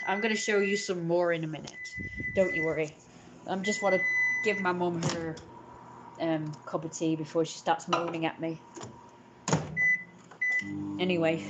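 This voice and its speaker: A young woman tells a long grievance to her camera, rambling and indignant, with a somewhat low voice. She jumps into higher voices to mimic the people in her story. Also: very noisy. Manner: rambling, indignant, acts out others in raised voices. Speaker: vlogger.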